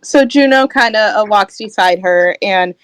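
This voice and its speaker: A woman player in a tabletop game, talking casually and haltingly about her character. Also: mid-range voice. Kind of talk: tabletop role-play narration.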